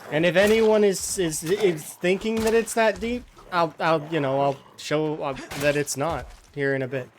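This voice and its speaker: A man's voice: fairly high pitch, fairly even intonation, normal speed, noisy background. A man giving casual, rambling commentary while playing a game, often restarting his words and brushing off complaints. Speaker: streamer.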